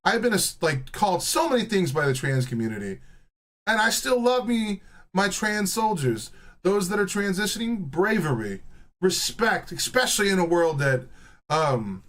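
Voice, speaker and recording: A man's voice: sits high, big pitch swings, moderate pace, fairly bright tone. A man ranting casually and profanely while reacting to clips, often mocking people in put-on voices. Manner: heated, swearing, mocking impressions.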